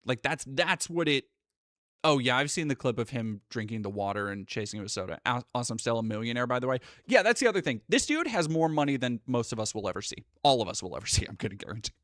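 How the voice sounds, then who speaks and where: A man's voice: mid-range voice, big pitch swings, fast, fairly bright tone, no echo, clean studio sound. A man live streaming, rambling through sarcastic casual commentary with lots of restarts.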